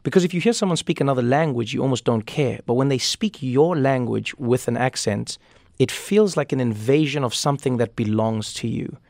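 A man from Africa, talking as an interview guest and telling stories in animated, quick bursts. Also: mid-range voice, creaky, no echo, clean studio sound. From South Africa. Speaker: guest author. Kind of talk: conversational interview.

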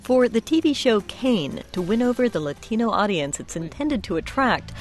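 A woman radio reporter narrating a feature story in a measured, clear way. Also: a little high, expressive.

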